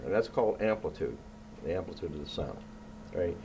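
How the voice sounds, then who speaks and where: The clip is a low-quality recording of a man with a fairly low voice teaching kids science indoors, relaxed and playful, checking in with "right?" as he goes. A faint background hiss is audible.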